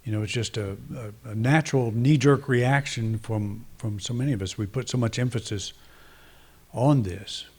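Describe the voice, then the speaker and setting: A man's voice: medium pitch, normal speed. A man, a minister, preaching a conversational, reflective sermon with frequent restarts and fillers.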